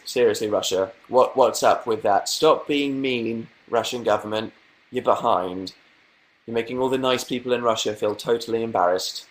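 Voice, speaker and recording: A man's voice: medium pitch, normal speed. Young man, British accent, casual live-stream chat, sarcastic asides, webcam mic at home. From Britain. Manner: dry, sarcastic, playful asides. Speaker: livestream host.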